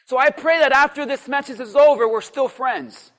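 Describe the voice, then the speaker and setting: A male pastor with a very high voice delivers an emphatic sermon, repeating phrases for stress and rising from hushed talk to shouts. His voice rings out with a long reverb from the church hall. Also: moderate pace. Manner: emphatic preaching that swings from quiet to shouted.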